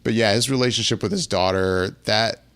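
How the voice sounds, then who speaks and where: Deep-voiced man gushing about a film. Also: normal speed, a bit bright, smooth. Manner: emotional, rambling with many restarts. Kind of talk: casual film discussion.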